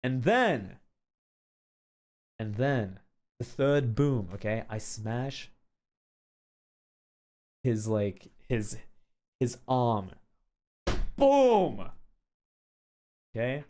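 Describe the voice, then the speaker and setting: A man streaming casually, telling a story with animated shouted sound effects and frequent filler check-ins. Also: mid-range voice, slow pace, pauses often.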